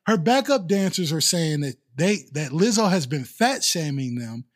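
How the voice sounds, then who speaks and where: A man's voice: a little high, sing-song, moderate pace. A man co-hosting a podcast, chatting casually and profanely, often acting out quotes in mocking voices. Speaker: podcast co-host. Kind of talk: casual comedic chat.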